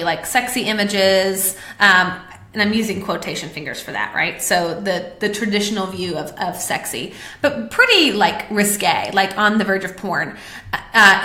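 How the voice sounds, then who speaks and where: On a live stream picked up by a webcam or phone, a woman who hosts a podcast talks with a pushed, bright mid-range voice in a reverberant space. Her talk to viewers is candid and confessional, full of fillers.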